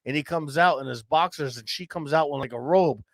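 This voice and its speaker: A man's voice: a little high, a little fast, no echo. A man co-hosting a podcast, telling a rambling story full of swearing and constant "bro". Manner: profane, says "bro" constantly. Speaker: podcast co-host. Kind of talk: casual storytelling.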